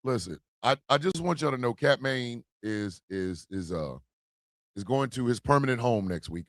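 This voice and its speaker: A man hosting a casual morning show, loud and profane, often shouting and laughing as he talks. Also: medium pitch, expressive, moderate pace, a little hiss or hum. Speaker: host of a morning stream show.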